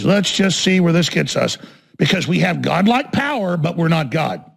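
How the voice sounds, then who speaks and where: A man hosting a radio talk show, delivering a combative political rant that swings into shouting and hammers points with repeated phrases. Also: high voice, vocal fry, slightly rough. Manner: repetitive emphatic phrasing. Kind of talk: ranting political monologue.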